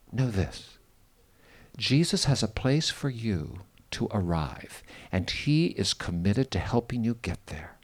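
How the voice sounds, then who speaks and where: A man preaching and praying earnestly outdoors on a boat on a lake, rising to strong emphasis and dropping to soft, hushed tones. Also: lowish voice, big pitch swings, moderate pace. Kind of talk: outdoor devotional sermon and prayer.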